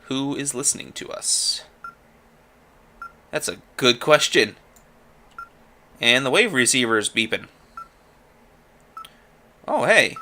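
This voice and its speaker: A man casually commenting while playing a game, thinking out loud with chatty asides. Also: mid-range voice, sing-song, takes it slowly, pauses often, slight background noise. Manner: chatty, thinking aloud with fillers and laughs. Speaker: let's play host.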